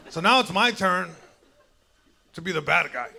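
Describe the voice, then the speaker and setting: A man's voice: sits high, animated, normal speed, creaky, pauses often, very noisy. A young man doing a stand-up comedy set, telling a story casually and acting out both sides of the dialogue. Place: comedy show venue with live audience. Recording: loud crowd laughter.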